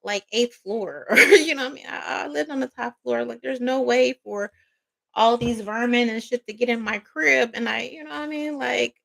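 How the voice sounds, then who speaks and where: A woman's voice: a little high, normal speed, creaky, a bit bright. A woman vlogger telling a personal story in a casual storytime monologue, rambling, emphatic and swearing freely.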